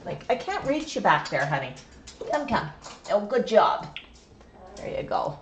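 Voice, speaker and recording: Speaking from a far-off mic in an echoey indoor room with faint hiss, another woman coaxes her pet parrots in casual sing-song talk on a live stream. Her mid-range voice is very animated and keeps a measured pace.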